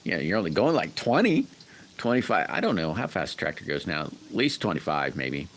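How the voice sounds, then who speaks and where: A man chats loosely on his livestream, wandering from story to story and calling out viewers by name. His voice sits very low, and a faint hum of room noise runs behind him. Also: sing-song, brisk. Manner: rambling, folksy, greets chat by name. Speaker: livestream host chatting with viewers. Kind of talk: casual livestream chat.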